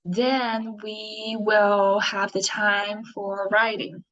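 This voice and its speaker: Slow, patient woman teaching English. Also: mid-range voice, flat delivery, a bit bright. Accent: Chinese. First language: Chinese. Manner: slow, clear teacher talk with questions to pupils. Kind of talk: online class lesson. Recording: dull lo-fi audio.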